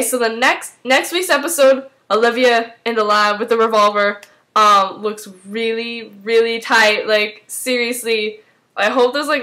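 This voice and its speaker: A talkative woman recaps at her own easygoing pace, her speech full of fillers and loose asides. She sounds casual and unscripted, in a middle pitch. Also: bright, forceful tone. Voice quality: rambling with many fillers, chatty. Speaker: fan recapping a TV episode.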